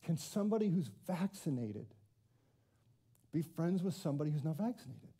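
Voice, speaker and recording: A man delivering a conversational sermon, his voice very dark and mellow. His pitch rises and falls a great deal as he talks. He keeps turning questions back on the congregation. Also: very animated, moderate pace, husky. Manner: conversational, self-deprecating, asks the congregation questions. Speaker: pastor.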